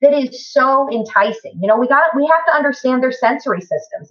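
A middle-aged woman talking as a therapist and parent in an interview, passionate and emphatic. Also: medium pitch. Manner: passionate, emphatic, talks with her hands. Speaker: guest, autism therapist and parent. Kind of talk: conversational interview. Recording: distant, muffled mic.

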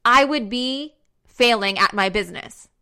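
A woman's voice: on the high side, unhurried, bright, forceful tone, clear, resonant tone. A young woman giving an emphatic, fired-up motivational talk to her followers, repeating herself for punch and swearing casually.

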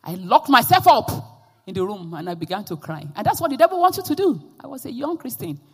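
A woman preaching a sermon and telling her own testimony, swinging from quiet storytelling to loud, impassioned exhortations. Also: mid-range voice, big pitch swings, fast, slight background noise. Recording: long hall reverb.

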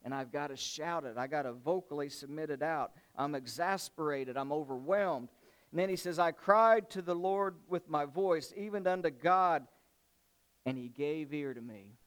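A man preaching a sermon, rising into loud impassioned swells and then dropping back to a quieter, conversational tone. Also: fairly high pitch. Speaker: pastor.

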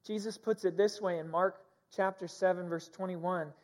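A man's voice: high-pitched, fairly even intonation, normal speed. Man preaching a candid, personal sermon. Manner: candid, personal storytelling with frequent fillers. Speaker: pastor. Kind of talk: conversational sermon.

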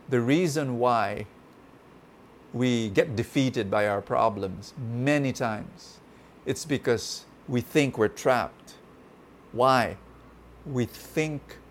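An earnest male preacher who speaks slowly and deliberately, repeating phrases to drive them home. He moves from storytelling into prayer in a steady, middle-pitched voice. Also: a little hiss or hum. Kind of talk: sermon with a parable and prayer.

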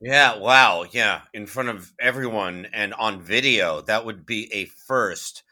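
An eager, gushing event assistant. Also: male voice, fairly low pitch, a little slow, pushed and bright. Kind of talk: scripted comedy sketch.

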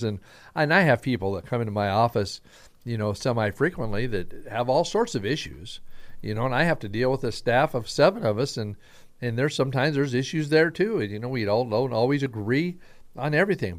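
A middle-aged pastor with a slight Southern twang talks his way through a radio sermon in a folksy, rambling, earnest manner. His voice sits at an ordinary male pitch. The studio sound is dry and close. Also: dry recording. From Southern Idaho.

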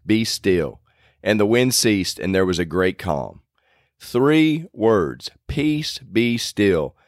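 A man's voice: lowish voice, no room sound, clean studio sound. A man hosting a casual devotional talk in a folksy, self-deprecating way, rambling a little and restarting sentences. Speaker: faith podcast host.

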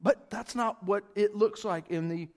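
A male pastor delivers a casual, conversational sermon in a notably high voice. He keeps checking in with "right?" and swells loudly when he drives a point home. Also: a little slow. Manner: animated, rises loud for emphasis; high-pitched voice.

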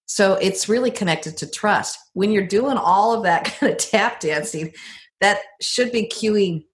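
A middle-aged woman in a casual advice conversation, telling personal stories and acting out quoted lines with lively jumps in pitch. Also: a little slow. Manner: animated storyteller, acts out quotes with big pitch jumps.

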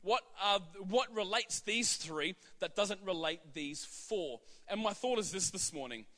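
A man's voice: sits high, lively intonation, unhurried, sharp tone, in a large hall. A man preaching a sermon in an earnest, emphatic way, with rhetorical questions and small chuckles.

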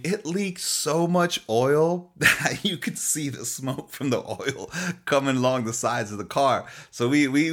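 A man, a pastor, preaching a sermon in an animated storytelling way, laughing often and checking in with the listeners. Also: medium pitch. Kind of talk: sermon with personal stories.

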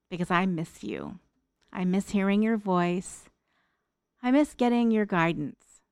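A woman's voice: medium pitch, unhurried, smooth, no echo, clean studio sound. A middle-aged woman speaking a tender, reflective monologue, addressing her late mother directly as an open letter. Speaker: daughter writing an open letter. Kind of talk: heartfelt spoken monologue.

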